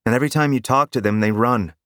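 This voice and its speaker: A man's voice: mid-range voice, fast, fairly bright tone, no echo, clean studio sound, lightly acted. A man voicing a petite, tough female partner who scolds with exasperation in an audiobook. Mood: exasperated. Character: petite tough woman partner, stern and impatient.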